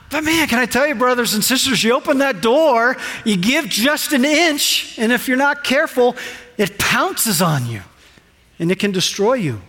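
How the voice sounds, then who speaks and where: A male pastor preaching a sermon with animated delivery, asking rhetorical questions and acting out quoted lines. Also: very high voice, normal speed. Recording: reverberant hall.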